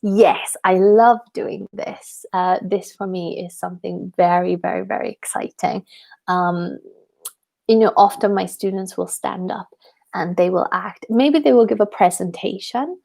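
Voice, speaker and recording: Young Welsh woman, teacher and channel host, friendly live Q&A, strong vocal fry. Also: medium pitch, steady tone, unhurried, dark tone. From Wales. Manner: chatty, laughs often, many ums. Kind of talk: live question-and-answer chat.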